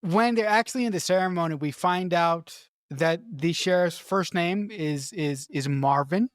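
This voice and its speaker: A woman's voice: fairly low pitch, normal speed, no room sound, studio quality. A woman co-hosting a movie podcast, talking about a comedy film in an enthusiastic, emphatic casual way. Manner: enthusiastic, emphatic, restarts phrases. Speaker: podcast co-host.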